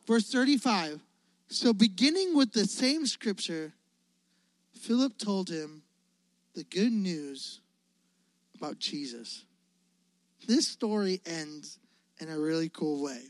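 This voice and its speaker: A man preaching a casual, energetic youth sermon, telling stories and asking his listeners questions. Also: sits high, no room sound. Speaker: youth pastor.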